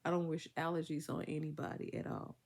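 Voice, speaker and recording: Woman, gravelly voice, chatty, emphatic storytelling, recovering from illness. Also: low-pitched, flat delivery, brisk, a little mellow. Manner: chatty, emphatic, Southern US vernacular speech. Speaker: vlogger. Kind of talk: casual storytelling to viewers.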